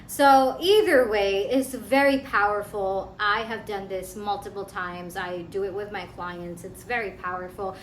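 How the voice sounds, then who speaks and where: A woman's voice: a little high, slight background noise. A woman coaching viewers in a self-help lesson, talking earnestly and conversationally and often repeating herself. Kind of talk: instructional talk to camera. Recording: echoey room with faint ambience.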